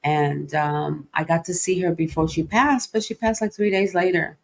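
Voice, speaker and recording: Middle-aged female host, lowish voice, candid and emotional, halting with fillers. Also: gravelly. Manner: open, emotional, many fillers and restarts. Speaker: podcast host. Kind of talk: personal livestream talk.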